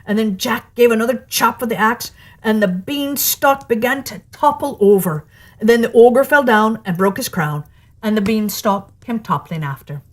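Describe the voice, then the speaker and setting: Woman storyteller, lively read-aloud fairy tale narration. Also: fairly high pitch, normal speed.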